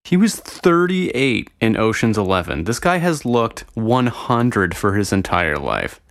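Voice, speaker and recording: A man's voice: on the low side, sing-song, measured pace, fairly bright tone, dry recording, studio quality. A young man chatting casually and profanely to his viewers, rambling and getting sidetracked as he talks. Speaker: vlogger. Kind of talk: casual solo chat to viewers.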